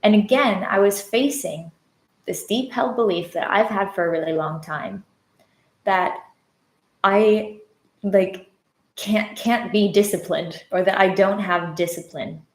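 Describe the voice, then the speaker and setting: A woman's voice: mid-range voice, measured pace. Candid woman telling a story in an echoey room. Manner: candid, reflective storytelling with frequent "like" fillers. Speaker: podcast host and love coach. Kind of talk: casual live-stream monologue. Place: indoors at home, live on social media.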